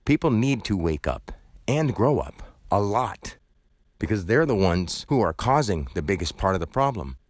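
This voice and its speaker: A shop worker recounting a run-in with a customer in an argumentative, ranting way. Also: male voice, on the low side, sing-song, moderate pace, dry recording, clean studio sound. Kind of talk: recounting a story to camera.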